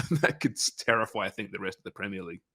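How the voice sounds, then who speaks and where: A man's voice: lowish voice, lively intonation, rapid-fire, bright, forceful tone, dry recording, studio quality. A man hosting a casual sports betting podcast, talking conversationally and often tagging his points with "right?" and "you know". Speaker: podcast host.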